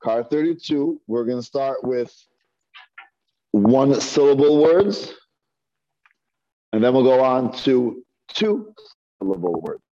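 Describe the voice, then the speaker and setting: Slow, patient male Hebrew teacher. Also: medium pitch, animated, warm tone, dry recording, lo-fi sound. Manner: patient, sounds out syllables one by one. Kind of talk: classroom lesson. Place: classroom with students. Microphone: earpiece mic.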